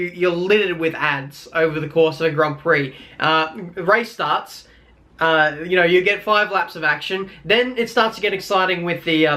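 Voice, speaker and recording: A man's voice: a little high, bright, forceful tone. A young Australian man with an Australian accent ranting casually in a vlog, rambling with many fillers and wry complaints. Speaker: YouTuber.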